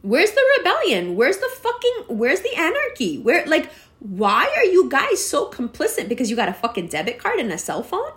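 A woman's voice: high-pitched, wildly swooping pitch, moderate pace, a bit bright. A woman in her forties delivering a profane, exasperated rant that scolds her listeners. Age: 40s. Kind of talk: ranting monologue.

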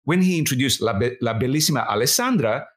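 Man, husky voice, mid pitch, animated storytelling, casual interview guest, frequent restarts. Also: fast talker. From Australia. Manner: animated anecdotes with many restarts. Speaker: guest, comedy writer and producer.

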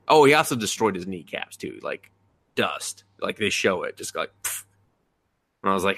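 A man's voice: low-pitched, moderate pace, no echo. A man co-hosting a podcast, recapping anime in casual chat, acting out quotes with profanity and laughter. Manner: animated storytelling, acts out quotes, profane. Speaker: podcast co-host.

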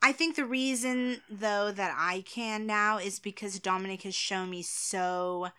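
A woman's voice: mid-range voice, fairly even intonation, unhurried, bright, forceful tone, clear, resonant tone. A woman from the United States co-hosting a podcast in casual chat, laughing often and trailing off mid-sentence. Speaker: podcast co-host.

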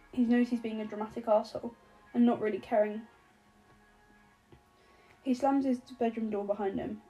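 Mellow woman reading a novel. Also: a little high, low-quality recording. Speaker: audiobook narrator. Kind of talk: scripted narration.

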